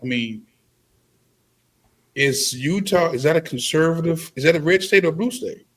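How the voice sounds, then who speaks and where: A man speaking as a guest on a live podcast, making slow, deliberate, forceful statements. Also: fairly high pitch. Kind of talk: live-stream podcast discussion.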